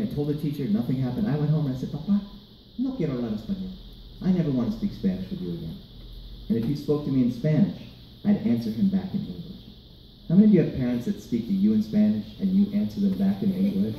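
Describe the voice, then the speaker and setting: A man telling a personal story to children at a live event, animated and asking the audience questions. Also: mid-range voice, quick pace. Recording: roomy, distant mic, light background noise.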